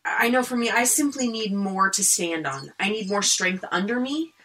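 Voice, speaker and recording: A woman's voice: mid-range voice, lively intonation, normal speed, fairly bright tone. A woman co-hosting a casual chat, thoughtful and earnest as she lays out her ideas.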